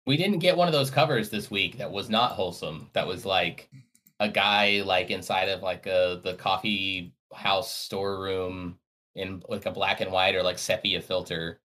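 A man's voice: sits low, moderate pace, pushed and bright. A man co-hosting a casual podcast, joking and talking with lots of fillers. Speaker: podcast co-host.

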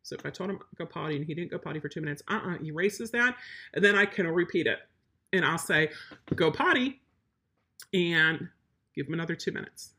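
A woman's voice: sits low, fast, bright, forceful tone, slightly rough. A woman service dog trainer giving blunt, emphatic advice while answering viewer questions live. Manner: blunt, emphatic, matter-of-fact.

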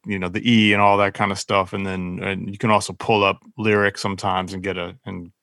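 A man's voice: low-pitched, level tone, brisk, fairly bright tone, no room sound, studio quality. A man in a casual podcast chat, asking questions in an easygoing way. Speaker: podcast co-host.

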